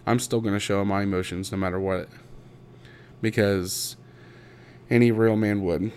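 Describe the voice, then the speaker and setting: Halting, emotional man in his thirties. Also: lowish voice, steady tone, a little mellow, smooth. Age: 30s. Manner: halting, repeats and restarts words. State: emotional, voice breaking. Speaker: podcast host. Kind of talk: personal storytelling monologue.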